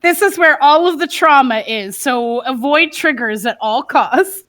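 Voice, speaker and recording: A woman's voice: sits high, expressive, unhurried, fairly bright tone. A woman playing a tabletop role-playing game, chatting animatedly and laughing often. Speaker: player. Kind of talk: tabletop role-play chat.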